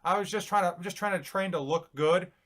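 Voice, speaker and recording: A man's voice: high-pitched, a little fast, fairly bright tone. A middle-aged man co-hosting a casual live Q&A, rambling and self-deprecating with frequent restarts. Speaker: fitness YouTuber co-hosting a live Q&A. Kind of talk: casual live-stream chat.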